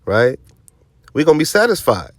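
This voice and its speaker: A man's voice: fairly high pitch, big pitch swings, moderate pace, no room sound, clean studio sound. A man preaching scripture informally, emphatic and streetwise, often tossing in "man" and "right?" and sarcastic asides. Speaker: teaching officer of a religious group.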